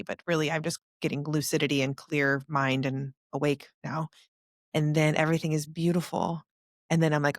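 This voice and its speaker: A woman hosting a podcast, telling her story in earnest rapid bursts. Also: low-pitched, flat delivery, no echo, studio quality. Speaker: podcast host. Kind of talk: casual conversation.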